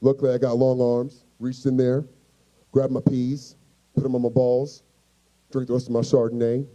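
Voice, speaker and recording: A man's voice: medium pitch, moderate pace, muffled recording. A male stand-up comedian from the United States telling a profane story, acting out voices. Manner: animated, profane, acts out voices.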